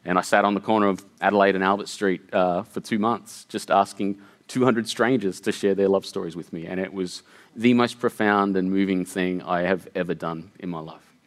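A man's voice: sits low, fairly even intonation, moderate pace. A middle-aged man telling an emotional personal story, earnest and tumbling, with many fillers and restarts. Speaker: guest storyteller.

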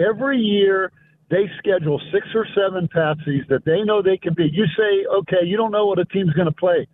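A man calling in to a sports radio show, arguing insistently and repeating his points. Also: high-pitched. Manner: insistent, argumentative, repeats himself. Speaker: caller. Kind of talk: call-in radio argument. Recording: tinny phone line with faint noise.

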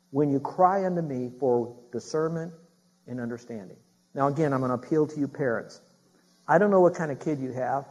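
A man preaching a sermon as pastor, talking straight to his congregation with questions and building to loud, emphatic preaching. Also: on the high side, moderate pace.

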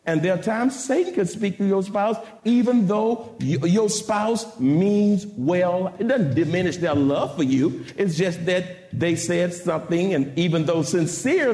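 Preaching man, lively and echoey. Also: high voice. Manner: dramatic, rising to shouts, call-and-response. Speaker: pastor. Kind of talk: sermon.

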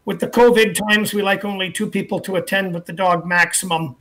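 A middle-aged man hosting a radio show, chatty and relaxed, slowly repeating numbers with plenty of fillers. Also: sits high. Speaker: radio talk show host and dog trainer. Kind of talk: casual radio talk and promotion.

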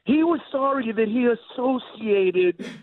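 A man, a stand-up comedian, telling family stories in casual chat, animated and laughing as he acts them out. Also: very high voice, slow, crowd noise. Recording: tinny phone-like dry sound.

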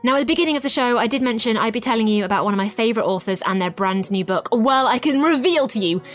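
A woman's voice: on the high side, lively intonation, quick pace, faint music behind. A woman hosting a show, chatting enthusiastically with fillers and asides. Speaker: radio show host. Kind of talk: casual presenting.

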